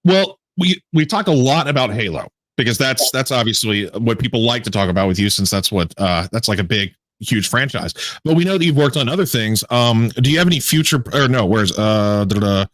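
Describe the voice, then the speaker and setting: A man's voice: medium pitch, lively intonation, a little fast, hardly any pauses, fairly bright tone, no echo. A man hosting a podcast interview, enthusiastic and chatty, often stopping and restarting his sentences. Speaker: podcast host. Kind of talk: casual interview chat.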